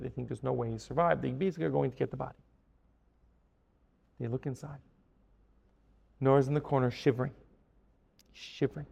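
A man telling a story in a sermon as a Torah teacher, dramatic, dropping to a hush and then rising to emphatic peaks. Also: mid-range voice, vocal fry, husky, in a large hall, dull audio. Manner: dramatic, swings from hushed to emphatic.

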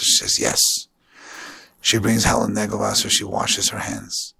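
Gravelly, husky man telling a sermon story. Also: fairly low pitch, sing-song, moderate pace, pushed and bright, no echo. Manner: earnest storytelling with Yiddish and Hebrew terms.

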